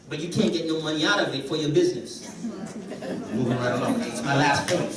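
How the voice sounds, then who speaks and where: A man from the Caribbean gives an animated conference talk on business, bantering with the crowd. His voice sits high for a man. He is heard from a distance in a very echoey hall. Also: brisk. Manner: animated, joking with the audience. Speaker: conference speaker.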